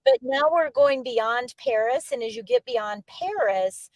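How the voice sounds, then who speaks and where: A woman's voice: high voice, sing-song, measured pace, no echo, dull audio. An American woman in her sixties, a guest author, chatting in an upbeat, emphatic way. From United States. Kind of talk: casual interview chat.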